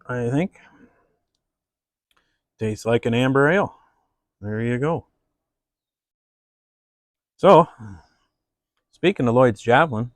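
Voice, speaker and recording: A man hosts a laid-back beer review and tells a joke. He talks at a middling pitch with an easy, halting delivery full of fillers. His voice is dry and close to the mic. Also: no room sound. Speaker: host.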